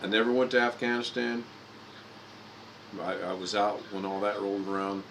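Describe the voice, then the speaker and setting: Rambling storyteller man from Indiana, low-voiced. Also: level tone, moderate pace, a bit bright, a little hiss or hum, poor audio. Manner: rambling, anecdotal, with restarts and self-corrections. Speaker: livestreamer. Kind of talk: casual storytelling monologue.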